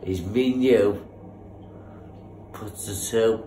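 A man's voice: on the low side, takes it slowly, warm tone, echoey room, a little hiss or hum. A drunk man, bantering with mates and throwing out boisterous, sweary mock threats, picked up on a phone camera. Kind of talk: casual banter among mates.

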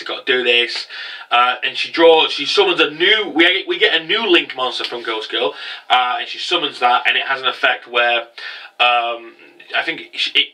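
Bright-voiced man rambling off-mic. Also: fairly high pitch, far from the mic, a little hiss or hum, rough recording. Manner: rambling, excitable, mocking impressions of characters. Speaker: anime episode reviewer. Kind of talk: casual spoken recap.

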